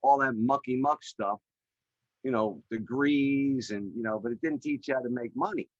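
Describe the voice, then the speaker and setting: A middle-aged man, a podcast guest, telling his career story in an energetic, chatty way with many fillers over a video call. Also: mid-range voice, moderate pace, no echo, lo-fi sound. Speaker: podcast guest, real estate developer. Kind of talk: animated storytelling in an interview. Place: remote call.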